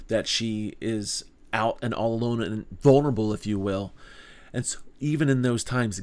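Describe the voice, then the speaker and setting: A man teaching a small group Bible study in an earnest, conversational way, asking rhetorical questions. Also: lowish voice.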